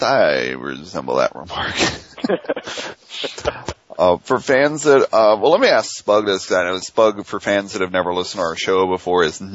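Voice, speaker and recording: A man's voice: low-pitched, fairly bright tone, no room sound, lo-fi sound. A man hosting a casual wrestling talk show, asking rambling questions full of fillers. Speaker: podcast host.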